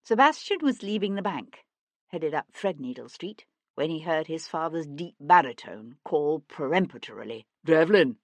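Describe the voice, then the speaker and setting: A woman narrating an audiobook mystery in a steady, even storytelling manner. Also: sits low, moderate pace, no room sound. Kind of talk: scripted narration.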